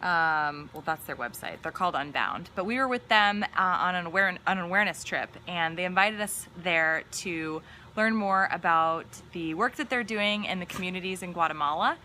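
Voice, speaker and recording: A woman's voice: on the low side, normal speed, few pauses, sharp tone, slight background noise. A young woman co-hosting a casual chat show with her husband, talking in a chatty, teasing way with many fillers. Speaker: podcast co-host. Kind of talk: casual live-stream chat.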